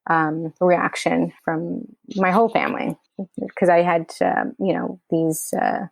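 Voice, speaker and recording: A woman's voice: on the low side, little pitch movement, unhurried, vocal fry, no room sound. A woman from Queens, New York, a writer-director telling a personal story in an interview, candid and emotional, her speech full of "like" and "you know.".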